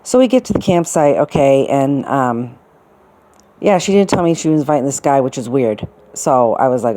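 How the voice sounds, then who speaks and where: A woman's voice: a bass voice, very animated, normal speed, warm tone. A middle-aged woman telling a personal story in a casual, rambling way, full of restarts and fillers. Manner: rambling, many restarts and fillers, quotes people in put-on voices.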